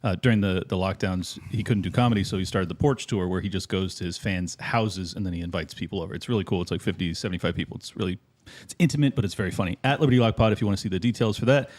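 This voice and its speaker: Fast-talking joking man. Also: deep voice, a little mellow. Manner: joking, quick banter. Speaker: guest comedian. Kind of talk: casual chat.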